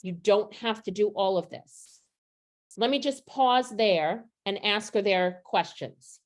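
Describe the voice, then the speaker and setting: A woman runs a teacher training over a video call. She walks through each step slowly and keeps turning questions back to the group. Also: mid-range voice. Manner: explaining step by step, asks questions. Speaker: literacy trainer.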